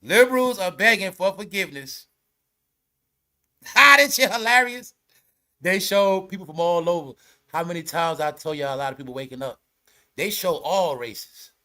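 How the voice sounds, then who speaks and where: A man's voice: sits high, lively intonation, normal speed, pauses often, bright, forceful tone. A man giving casual, profane vlog commentary and breaking into laughter often. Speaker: online commentator.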